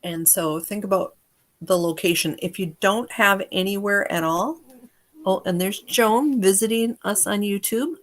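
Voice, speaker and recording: A woman's voice: mid-range voice, measured pace. Chatty American woman hosting a healing stream. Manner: chatty, greets viewers by name, gives gentle instructions. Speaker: energy healer hosting a livestream. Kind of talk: casual livestream chat.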